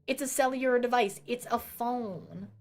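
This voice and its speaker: A woman's voice: fairly high pitch, normal speed, soft background music. A young woman from New Jersey chatting casually as a streamer, ranting and swearing with self-mocking asides. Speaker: VTuber streamer.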